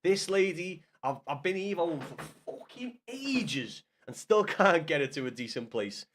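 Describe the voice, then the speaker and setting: A young man chatting casually with viewers on a live gaming stream, swearing often and bantering loudly with chat. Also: on the high side, very animated, a little slow.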